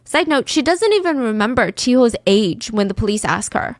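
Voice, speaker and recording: A woman's voice: on the high side, very animated, moderate pace, dry recording. A woman hosting a podcast, telling a true-crime story in a casual, chatty way and dropping into whispers for suspense. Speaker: podcast host.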